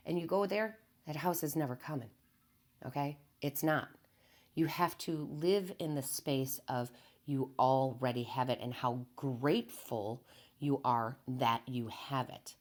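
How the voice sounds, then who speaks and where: A female tarot reader speaks to her viewers in a calm, earnest spiritual pep talk, repeating her key phrases and never hyping anything up. Her voice is a rumbling low one, and she keeps a measured pace.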